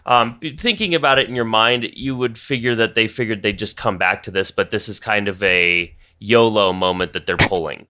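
A man narrating a tabletop game as game master, halting and full of fillers. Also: fairly low pitch, bright, forceful tone.

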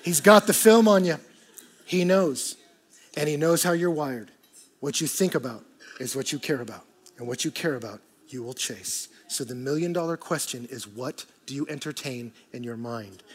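A man preaching a sermon, swinging from loud animated bursts to hushed low emphasis and acting out quoted voices for humor. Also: normal speed, breathy edge.

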